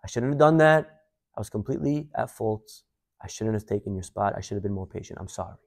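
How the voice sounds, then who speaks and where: A man's voice: a little high, normal speed, darkish tone, close to an everyday voice. A man voicing a brash man who is curt and dismissive. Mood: apologetic. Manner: brusque, then contrite. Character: brash man who later apologizes humbly.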